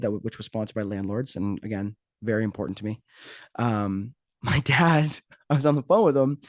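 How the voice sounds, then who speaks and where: A man's voice: mid-range voice, darkish tone, dry recording. Joking, rambling male podcast host, dry sound. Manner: joking, rambling, self-mocking. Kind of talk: casual podcast intro monologue.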